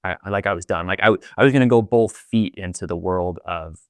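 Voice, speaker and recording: Low gravelly young man, candid. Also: quick pace, no echo. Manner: candid, rambling, heavy use of filler "like". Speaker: podcast guest. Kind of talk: casual interview storytelling.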